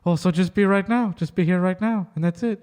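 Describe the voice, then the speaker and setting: A man doing a droning calm guru. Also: high voice, pitched above the performer's own voice, close to an everyday voice. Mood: serene. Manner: slow, soothing, repetitive. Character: calm hunched male spiritual guru, droning.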